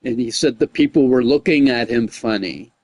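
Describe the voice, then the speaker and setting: Mid-range in pitch and at normal speed with no room sound, this man chats casually on a gaming livestream. His rambling is peppered with "like" and "you know what I mean," and he heats up and gets loud retelling conflicts.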